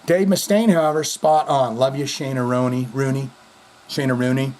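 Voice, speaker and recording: A man's voice: mid-range voice, steady tone, normal speed, darkish tone. A man hosting a casual vlog, talking in a rambling, profane and goofy way. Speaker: host.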